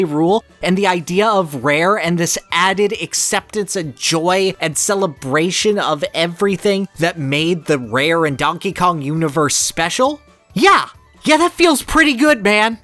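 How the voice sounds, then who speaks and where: A man's voice: on the high side, fairly bright tone. A man co-hosting a casual podcast, giving passionate, analytical opinions in long, flowing runs. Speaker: podcast co-host. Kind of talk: casual game discussion.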